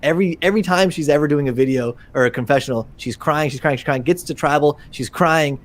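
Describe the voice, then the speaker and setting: A man co-hosting a fan podcast, retelling events in an animated, excitable way with many restarts. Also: a little high, quick pace. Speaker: podcast co-host. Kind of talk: casual chat.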